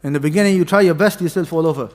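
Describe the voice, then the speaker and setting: A man teaches a mosque class, patiently sounding out letters and waiting for students to repeat. His voice sits slightly high, and each word trails off in the long echo of the mosque hall around him. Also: rapid-fire. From Pakistani heritage. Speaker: tajweed teacher.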